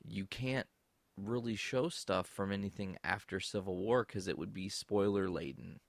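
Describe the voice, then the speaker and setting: A man's voice: on the low side, moderate pace, creaky, dry recording. A man co-hosting a podcast in casual chat, blunt and enthusiastic, swearing freely. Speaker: podcast co-host.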